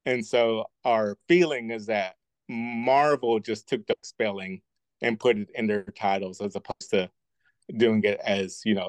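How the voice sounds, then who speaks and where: A man from southeastern Oklahoma co-hosting a podcast, explaining things thoughtfully with slow restarts. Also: lowish voice, dry recording. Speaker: podcast co-host. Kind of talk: casual discussion.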